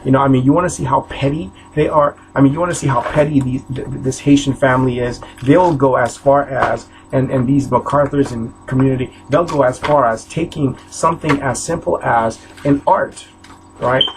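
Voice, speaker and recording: A man's voice: mid-range voice, steady tone, background noise. A man in his forties from New York State gives an impassioned warning sermon to the camera. He repeats himself and stammers through restarts. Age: 40s. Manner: repetitive, halting, stammering restarts, preaching cadence. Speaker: self-styled preacher.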